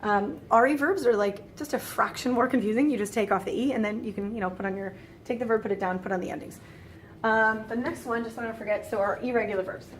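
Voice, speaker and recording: A chatty woman walks through a grammar lesson with a slightly high voice and easy, filler-heavy speech. She drops in playful, exasperated asides. A faint hiss sits under the recording. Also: fast. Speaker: French teacher. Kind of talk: casual screen-recorded lesson.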